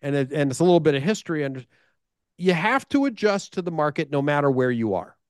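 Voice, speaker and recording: A man's voice: on the high side, big pitch swings, fast, clean tone, dry recording, studio quality. A middle-aged American man, a sales speaker, telling stories in a conversation with repeated words and rhetorical questions. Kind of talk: storytelling in a conversation.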